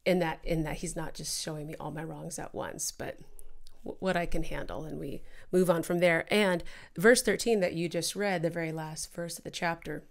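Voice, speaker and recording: A woman co-hosting a church Bible discussion, talking in a warm, devotional way about her own prayer life. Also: sits low, fairly even intonation, moderate pace, creaky. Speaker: church podcast co-host. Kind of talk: casual reflective Bible discussion.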